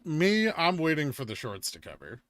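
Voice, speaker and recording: A man's voice: fairly high pitch, huge pitch swings, moderate pace, fairly bright tone, no room sound. A man with a Californian accent, chatting casually while hosting a live trading stream and answering questions from chat. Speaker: livestream host.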